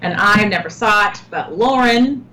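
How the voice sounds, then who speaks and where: A woman's voice: mid-range voice, normal speed, bright, forceful tone, low-quality recording. A woman co-hosting a talk show, giggling and interjecting often in casual chat. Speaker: co-host.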